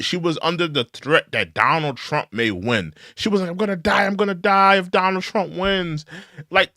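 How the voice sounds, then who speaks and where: A man's voice: fairly high pitch, fairly bright tone, no room sound, clean studio sound. A young man hosting an opinionated commentary show, ranting in an indignant, repetitive way. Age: young adult.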